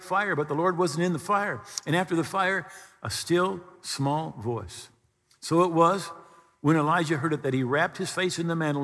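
Older male pastor, 70s, fairly high husky voice, expressive sermon delivery, long hall echo. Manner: expressive preaching, reading scripture aloud with sudden rises and drops in pitch.

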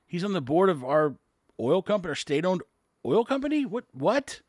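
A man's voice: high voice, big pitch swings, moderate pace, a little mellow, no room sound, studio quality. A man acting out an indignant male prosecutor, incredulous and stammering. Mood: baffled.

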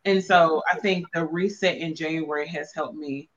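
A woman's voice: deep voice, fairly even intonation, normal speed, muffled recording, slight background noise. A woman hosting a casual chat, blunt and playful, with lots of salty slang. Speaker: podcast host and wellness coach.

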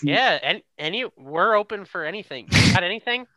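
A man's voice: high voice, expressive, a little fast, sharp tone, no room sound, dull audio. A man hosting a casual chat, easygoing and hesitant, with many fillers as he asks the others for their statements. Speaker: podcast host, moderator.

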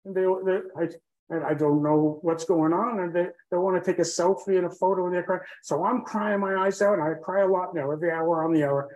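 Man, guest storyteller, warm dark tone, rambling and emotional. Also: high voice, fairly even intonation, fairly quick, poor audio. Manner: rambling, drifts off track, many fillers. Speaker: podcast guest telling his own story.

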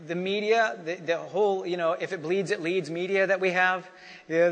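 A man's voice: high voice, a bit bright. A male pastor preaching a Sunday sermon in a conversational way, repeating refrains and tossing in "you know" and "right?". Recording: long hall reverb.

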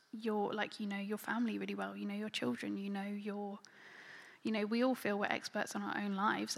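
Gravelly-voiced woman preaching in a hall. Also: medium pitch, fairly bright tone. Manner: conversational, filler-heavy, often drops to a near-whisper. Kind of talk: sermon. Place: church hall.

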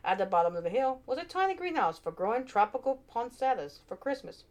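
A woman narrating a children's storybook aloud with expressive, animated delivery. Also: fairly high pitch, brisk.

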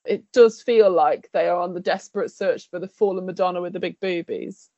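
A woman's voice: lowish voice, fairly even intonation, brisk, mellow, dry recording, lo-fi sound. Wry joking woman panelist. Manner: wry, jokey, laughs between remarks. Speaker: podcast panelist. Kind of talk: casual review chat.

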